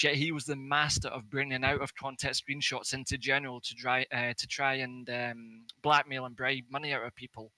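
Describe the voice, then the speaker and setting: A man's voice: mid-range voice, flat delivery, moderate pace, hardly any pauses, bright, forceful tone, no echo, poor audio. A man on a casual podcast, making crude, sardonic remarks. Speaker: podcast co-host.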